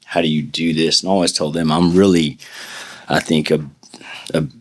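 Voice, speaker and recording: A man's voice: very deep voice, flat delivery, normal speed. A middle-aged man, a defense attorney, telling rambling anecdotes in a casual interview and acting out the voices of the people in them. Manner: rambling anecdotes with acted-out quotes. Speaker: podcast guest, defense attorney.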